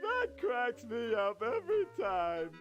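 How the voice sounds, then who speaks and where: A man's voice: extremely high pitch, huge pitch swings, takes it slowly, a bit bright, muffled recording, full character voice. An actor playing a joking, teasing male game character who keeps offering cigars, in game dialogue. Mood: sly. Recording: game audio over music.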